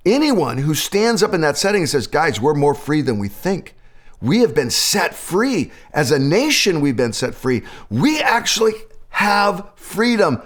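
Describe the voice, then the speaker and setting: A man with an American accent preaching a sermon as a pastor, talking in an animated way with dramatic swings in his voice. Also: on the high side, normal speed.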